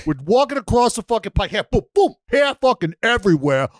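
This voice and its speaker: A man's voice: extremely high pitch, very animated, a little fast, dry recording, studio quality, voice pushed up. A man voicing a rowdy, boastful male baseball fan with a Boston accent, swearing and bragging. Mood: brash bragging.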